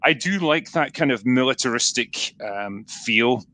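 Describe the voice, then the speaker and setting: A man's voice: medium pitch, lively intonation, unhurried, bright, forceful tone, dry recording. A man with a Scottish accent, co-hosting a casual chat, laughing often and swearing freely. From Scotland. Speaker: podcast co-host.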